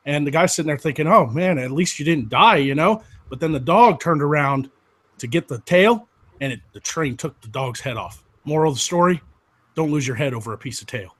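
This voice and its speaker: A man's voice: on the high side, brisk. A man on a panel telling jokes in a casual chat, with a matter-of-fact delivery. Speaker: panel guest.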